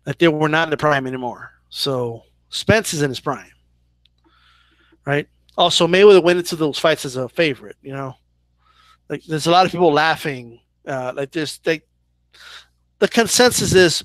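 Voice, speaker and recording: A man's voice: fairly high pitch, moderate pace, long pauses, a bit bright, no echo. A man hosting a casual live Q&A about boxing, chatty and loose, full of "like" and "right?" as he answers viewer questions. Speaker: boxing channel host.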